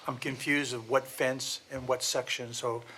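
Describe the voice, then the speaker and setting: A man's voice: medium pitch, level tone, measured pace, pushed and bright, a little hiss or hum. A man on a township board asking careful clarifying questions at a meeting. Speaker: board member.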